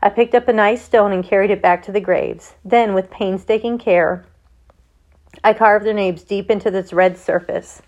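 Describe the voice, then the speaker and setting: A woman's voice: medium pitch, lo-fi sound. Woman reading a novel aloud. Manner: steady, with small stumbles and self-corrections. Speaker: audiobook reader.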